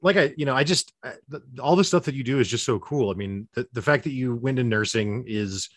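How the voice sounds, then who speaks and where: A man's voice: medium pitch, fairly quick, a bit bright, no echo, studio quality. A man hosting a podcast interview, asking rambling, hesitant questions and laughing easily. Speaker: podcast host. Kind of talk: casual interview.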